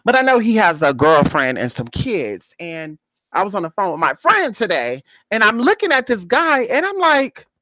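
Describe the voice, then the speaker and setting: A spiritual reader who vlogs tells a neighborhood story in casual, gossipy style, acting out other people's voices and calling the viewer "girl" and "honey." Her medium-pitched voice is very animated, bright, and forceful at normal speed. There's no echo.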